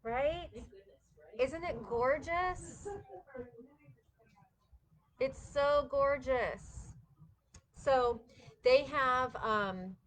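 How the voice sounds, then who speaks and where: A woman's voice: high voice, a bit bright, a little hiss or hum. A woman hosting a live knitting chat, talking casually and enthusiastically with viewers and laughing often. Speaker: knitting shop host.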